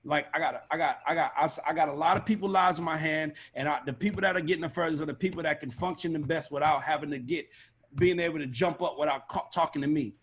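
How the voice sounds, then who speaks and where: A man speaking on a video call as an A&R panelist, blunt, profane and animated in a casual panel discussion. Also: a little high, breathy edge. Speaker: record label A&R panelist.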